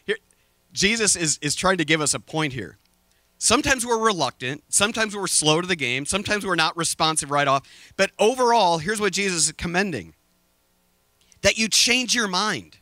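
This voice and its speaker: A man preaching a sermon from a stage, telling a story with lively, acted-out quotes. He says he is sweating up here. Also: high voice, a little fast, no room sound. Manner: animated storytelling, acting out quoted voices. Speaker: pastor. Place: stage before a congregation.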